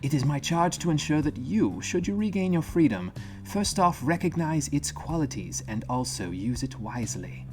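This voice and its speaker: Brief: a man putting on a solemn older woman, fake British accent, pitched up, slightly masculine edge. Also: sing-song, normal speed, darkish tone, soft background music. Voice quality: feminized voice, still a little masculine. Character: wise older noblewoman, calm and solemn.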